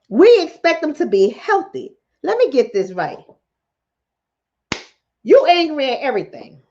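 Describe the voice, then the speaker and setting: A woman with a high voice speaks as a psychologist hosting a live stream, answering her chat in a blunt, preachy way. She drives each point home by repeating it. The audio is muffled and lo-fi. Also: very animated, measured pace, long pauses, warm tone.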